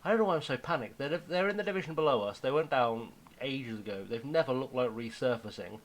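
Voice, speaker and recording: A young man giving casual, self-mocking commentary on his football management game, now and then dropping to a hushed aside. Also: mid-range voice, quick pace, rough recording. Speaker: gaming YouTuber.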